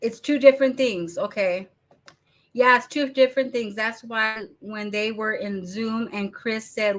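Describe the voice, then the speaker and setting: A woman from Arizona talks straight to her viewers in a blunt, swearing rant on her commentary channel. Her voice sits a little high and sounds bright and forceful. She mocks the people she quotes in a casual, unscripted way. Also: measured pace.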